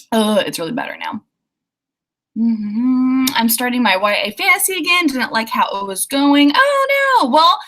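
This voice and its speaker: A woman's voice: fairly high pitch, pushed and bright. A young woman with an Oklahoma accent, hosting a writing livestream and chatting through viewer comments in a bubbly, chatty way. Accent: Oklahoma, Southern US. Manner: bubbly, chatty, lots of fillers and laughs. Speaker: livestream host. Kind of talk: casual livestream chat reading comments.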